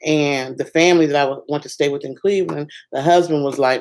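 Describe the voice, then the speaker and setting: A woman from Ohio giving a personal testimony as a motivational speaker, telling an emotional story with lively restarts. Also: low voice, brisk, hardly any pauses, a little hiss or hum. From Ohio, USA. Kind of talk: personal testimony, encouraging talk.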